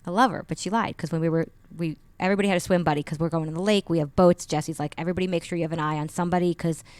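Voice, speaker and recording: A woman guest on a podcast, telling a personal story with lively expression and acting out the dialogue. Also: lowish voice, rapid-fire, smooth, dry recording. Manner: expressive, acts out quoted dialogue. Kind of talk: animated storytelling in an interview. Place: radio studio. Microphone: studio microphone.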